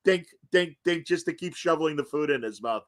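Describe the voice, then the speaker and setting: A male podcast host talks a little fast in a fairly high voice. Reminiscing casually, he spins animated stories, laughs often and acts out the lines he quotes.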